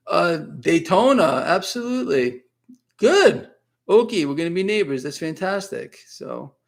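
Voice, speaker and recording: A man's voice: fairly high pitch, vocal fry. A man hosting a casual live stream, chatting in a rambling way and reading viewer comments aloud.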